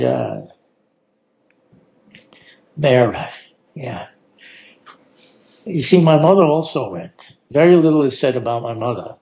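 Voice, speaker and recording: An older man telling personal stories in an unhurried way, laughing often as he goes. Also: mid-range voice, dark tone, dull audio. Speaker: oral history storyteller. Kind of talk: relaxed personal storytelling.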